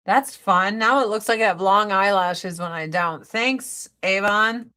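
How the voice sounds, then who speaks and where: A woman's voice: mid-range voice, a little slow, few pauses, sharp tone. A woman hosting a casual livestream, chatting bluntly and profanely while she does her makeup and answers viewer comments. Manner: blunt and profane, with frequent swearing. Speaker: livestream host.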